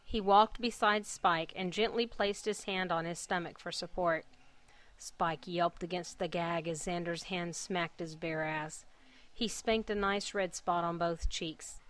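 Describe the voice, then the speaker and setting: A woman hosting a podcast, reading a story aloud in an earnest, measured way. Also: fairly low pitch, fairly even intonation, a bit bright. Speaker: podcast host and fanfic reader.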